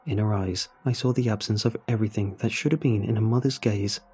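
Male horror narrator, dark husky voice, measured delivery, faint music behind. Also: fairly low pitch. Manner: steady measured first-person telling.

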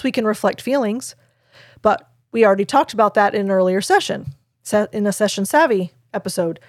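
An earnest woman talks through a lesson for other therapists in a podcast monologue. Her voice sits at a middle pitch. The recording is very dry, with no room sound at all. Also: dry recording. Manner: earnest, emphatic teaching tone. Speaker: play therapist, podcast host.

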